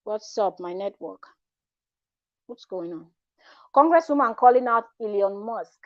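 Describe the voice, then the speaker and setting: A woman's voice: medium pitch, animated, a little slow, no echo, muffled recording. A woman vlogger talking casually and frankly, rambling with restarts and asides. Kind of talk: casual commentary vlog.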